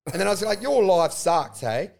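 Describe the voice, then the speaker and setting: A man's voice: sits high, moderate pace, creaky. A man telling a rambling story in casual chat, swearing a lot and acting out what people said. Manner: profane, animated storytelling with acted-out quotes. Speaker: comedian.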